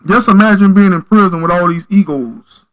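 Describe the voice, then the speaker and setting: A man appears as a podcast guest, telling stories in conversation in an earnest, preacherly, emphatic way. His voice is high, at normal speed, on a low-quality recording.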